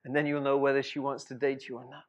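A man's voice: mid-range voice, little pitch movement, fast, highs cut off, close to an everyday voice. A man voicing a father giving his teenage son plain, encouraging advice.

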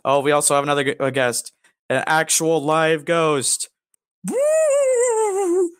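A young man co-hosting a crude comedy podcast, rambling and joking with deadpan asides. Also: on the high side, normal speed, clear, resonant tone, dry recording, clean studio sound. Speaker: podcast co-host.

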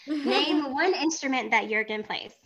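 A woman's voice: high-pitched, rough recording. A woman co-hosting a baking podcast, chatting casually with lots of "like" fillers and frequent laughs. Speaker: podcast co-host. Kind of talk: casual chat about baking.

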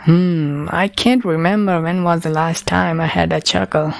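A woman voicing an ancient, grumpy male dragon who speaks slowly with dry amusement. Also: on the low side, creaky. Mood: amused. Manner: slow, grumbling, dryly amused.

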